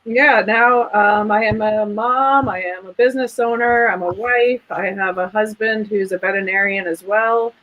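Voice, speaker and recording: A woman's voice: medium pitch, fairly even intonation, moderate pace, few pauses, phone-quality sound. Woman, interview guest, veterinarian, chatty, earnest, mid-range voice. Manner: chatty, earnest, proud of her family. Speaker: guest, veterinarian and clinic owner. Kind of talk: casual interview chat.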